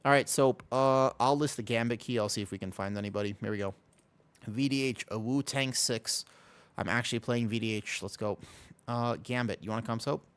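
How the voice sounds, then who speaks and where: A man casually chatting with his viewers while streaming a game, excitable and talkative. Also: mid-range voice, brisk, clean tone. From United States. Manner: excitable, chatty, reacts to chat.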